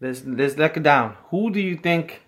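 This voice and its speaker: A relaxed man co-hosting a casual podcast, a little tipsy from whiskey. He talks loosely and breaks into laughter often. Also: on the high side, normal speed. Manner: laid-back, laughs often. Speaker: podcast co-host. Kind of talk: casual chat.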